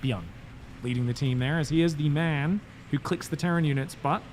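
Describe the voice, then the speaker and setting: A man's voice: on the high side, normal speed, darkish tone, a little hiss or hum. A man casting a live strategy game match, joking and bantering energetically with his co-caster. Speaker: esports caster.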